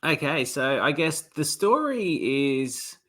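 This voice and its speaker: An Australian man, an author being interviewed, talking in a relaxed, rambling way with many restarts. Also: fairly high pitch, slow pace. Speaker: author guest. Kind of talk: casual interview.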